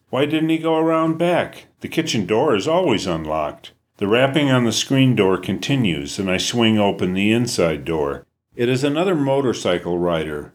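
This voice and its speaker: Man with a low voice narrating a story. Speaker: audiobook narrator. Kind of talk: first-person story narration.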